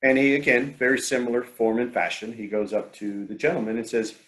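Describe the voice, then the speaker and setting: A man presenting on leadership at an online meeting, voice of middling pitch. He talks in a hesitant, halting way, with frequent fillers and restarts as he tells a story. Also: steady tone, a bit bright.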